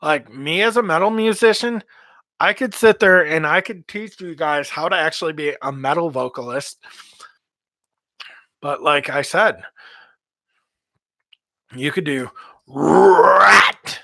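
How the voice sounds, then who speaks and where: A man's voice: fairly high pitch, normal speed, sharp tone, no echo. A man, a metal vocalist, giving rambling casual advice on singing, repeating himself as he goes. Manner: rambling, repeats words, demonstrates screams and growls.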